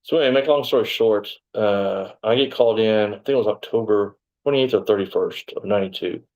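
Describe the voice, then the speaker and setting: The recording is rough, capturing a lowish, slightly fast male voice. He's a middle-aged ex-sheriff's deputy giving a casual interview, rambling through an animated retelling full of quoted, acted-out dialogue.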